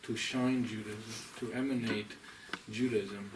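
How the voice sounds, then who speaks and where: A man, a rabbi, giving a deliberate, emphatic, scholarly lecture to a small audience. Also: lowish voice, steady tone. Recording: distant mic, faint room noise.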